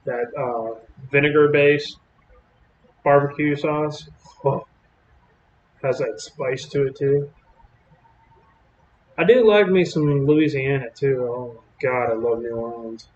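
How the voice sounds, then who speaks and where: A man's voice: medium pitch, fairly even intonation, slow, pauses often, darkish tone, reverberant, muffled recording, a little hiss or hum. A man from Texas giving casual, rambling live-stream commentary on storms while chatting with viewers. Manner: chatty, rambling, drawling with fillers.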